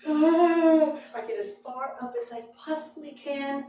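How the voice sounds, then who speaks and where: Slow, expressive woman storyteller in an echoey hall. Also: high-pitched, slight background noise. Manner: expressive, acts out the scene with voices. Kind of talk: live storytelling performance. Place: live storytelling event in a room with an audience. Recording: very echoey room, far mic, audible ambience. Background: room ambience and audience laughter.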